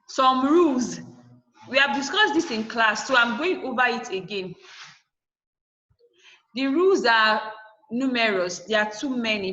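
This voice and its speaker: A woman's voice: on the high side, bright, forceful tone, muffled recording. Female teacher in an echoey room, lecturing an online class, repeats herself for emphasis. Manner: asks rhetorical "what?" questions and answers them. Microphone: video call.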